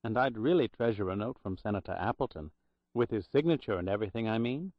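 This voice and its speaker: A man's voice: fairly low pitch, lively intonation, fast talker, no room sound, dull audio. A man voicing a chatty, portly woman hospital clerk with a Boston accent, gushing and gossipy.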